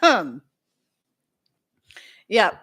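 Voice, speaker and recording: A woman's voice: medium pitch, huge pitch swings, very slow, sharp tone, husky. A woman hosting a casual home livestream, chatting loosely with viewers, laughing often and wandering off into asides. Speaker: livestream host.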